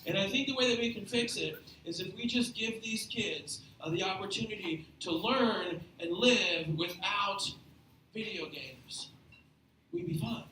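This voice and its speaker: A man in his thirties hosting a live comedy show in a bar, loud, crude and laughing often. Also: high voice, measured pace, slight background noise. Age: 30s. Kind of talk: stand-up comedy. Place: bar or beer hall stage before a live audience. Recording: echoey room, taped from a distance.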